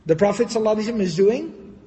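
A man giving a storytelling religious lecture, animated, with sarcastic asides and quick recitations. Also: high-pitched. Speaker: Islamic lecturer. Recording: long hall reverb.

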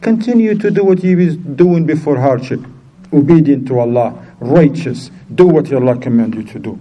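Animated man telling a moral story. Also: normal speed, muffled recording. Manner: animated storyteller, acts out quoted voices in a raised pitch. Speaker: Islamic teacher. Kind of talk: storytelling lesson.

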